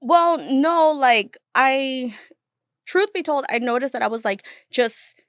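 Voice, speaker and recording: A woman's voice: high voice, expressive, slow, no echo, studio quality. A young adult woman chatting as a guest on a podcast, rambling with lots of fillers and laughing often. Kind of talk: casual chat.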